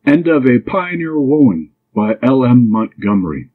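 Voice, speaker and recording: Man narrating a storybook, breathy husky voice, muffled lo-fi sound. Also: medium pitch, very animated, unhurried. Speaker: audiobook reader. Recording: dull lo-fi recording.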